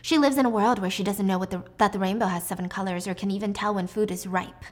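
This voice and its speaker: A woman's voice: mid-range voice, fairly even intonation, quick pace, close to an everyday voice. A woman voicing a cool, cutting woman near forty. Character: calm cold-blooded woman teacher near forty.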